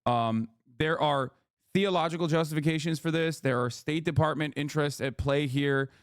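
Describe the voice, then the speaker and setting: A man in his thirties streaming political commentary from home, his somewhat high voice climbing when he gets worked up. He talks in heated, profane, incredulous bursts into a close desk mic with a dry, dead sound. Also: moderate pace, clean tone, no room sound. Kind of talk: casual livestream commentary.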